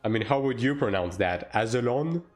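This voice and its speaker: Faint music plays behind a man whose voice is on the low side and animated, delivered at normal speed. He's streaming a game live, swearing and talking casually with his viewers as he plays.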